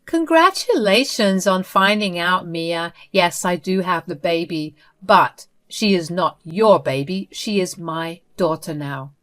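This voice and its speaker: A woman's voice: fairly low pitch, takes it slowly, hardly any pauses. A woman voicing an unhinged possessive sister-in-law. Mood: defiant. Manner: possessive, defiant, dismissive. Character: unhinged female sister-in-law who took a baby.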